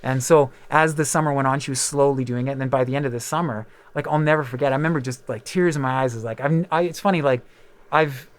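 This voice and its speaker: A man in his thirties who hosts a podcast and plays music chats casually, telling rambling, candid stories packed with fillers and the occasional swear word. His voice is mid-range and clean, at a quick pace.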